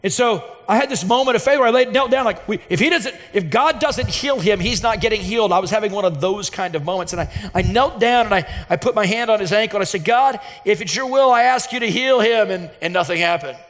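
High-voiced pastor preaching in a reverberant hall. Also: male voice, fast, hardly any pauses, fairly bright tone. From Texas, USA. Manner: earnest and emphatic, building to fervent intensity. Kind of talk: sermon with personal storytelling.

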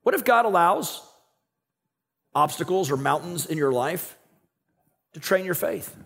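Guy preaching a sermon, kinda high voice, chatty and animated, gets loud then drops quiet. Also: measured pace, vocal fry. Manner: animated, conversational preaching with sudden loud and soft turns. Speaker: pastor.

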